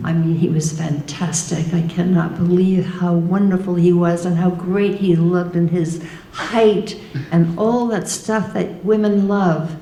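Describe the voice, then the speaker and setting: A woman's voice: lowish voice, fairly even intonation, unhurried, mellow. An older woman, a panel guest, talking with dry teasing humor. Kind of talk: live panel conversation. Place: convention hall stage. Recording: roomy hall.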